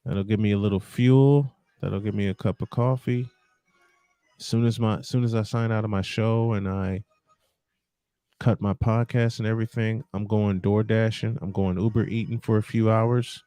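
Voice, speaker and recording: A man in casual podcast talk, slow to find his words and repeating his thanks. His voice sits low, and the sound is close and dry. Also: fairly even intonation, dark tone, no room sound. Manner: grateful, halting, repeats himself. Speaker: podcast guest.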